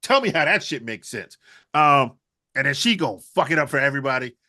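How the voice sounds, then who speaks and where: A man's voice: mid-range voice, sing-song, fairly quick, sharp tone. A man co-hosting a wrestling podcast, ranting in a profane, rambling comic riff. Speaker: podcast co-host. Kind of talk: comedic rant.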